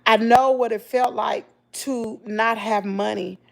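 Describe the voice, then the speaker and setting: High, gravelly Southern woman vlogger. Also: takes it slowly. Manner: emotional, animated storytelling, addresses viewers as y'all. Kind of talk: casual chat to viewers.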